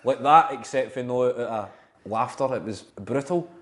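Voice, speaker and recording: A man's voice: medium pitch, normal speed, a bit bright. Scottish male comic guest, wry and jokey, mid-range voice, broad local speech. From Scotland. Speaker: comedian guest. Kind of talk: casual chat.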